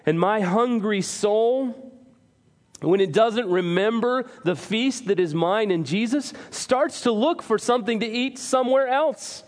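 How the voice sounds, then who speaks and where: A male pastor with a high, light voice delivers a sermon in a church sanctuary. He preaches in an earnest, conversational way, joking at his own expense. His voice carries a long reverb from the hall around him. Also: unhurried. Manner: earnest, conversational preaching with self-deprecating humor.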